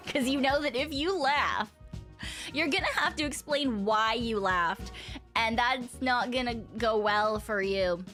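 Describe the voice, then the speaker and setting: A woman's voice: fairly high pitch, slow pace, a bit bright. A young adult woman streamer chatting casually with viewers, rambling, swearing and laughing often. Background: faint music.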